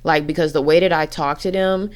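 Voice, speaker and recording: A woman's voice: low voice, steady tone, fairly quick. A woman giving a candid personal rant to camera, blunt and profane as she talks frankly about her own family. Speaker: vlogger.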